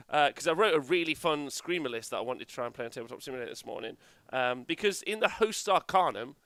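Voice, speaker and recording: A man's voice: medium pitch, sharp tone, clean tone, no room sound. A male host chatting casually on a live stream, swearing freely and filling gaps with "uh".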